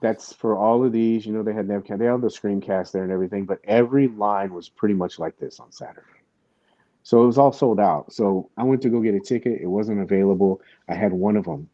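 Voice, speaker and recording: A man with a low, very dark and mellow voice tells a rambling convention story on his podcast, restarting his sentences as he goes. The sound is dry and a little dull, like a modest lo-fi studio setup. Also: a little fast, dry recording. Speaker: podcast host. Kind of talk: casual chat.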